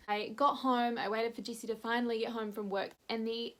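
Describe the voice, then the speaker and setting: A young woman, telling a personal story in a candid, animated vlog chat. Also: fairly high pitch, normal speed, hardly any pauses. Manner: candid, animated retelling with quoted voices. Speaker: vlogger.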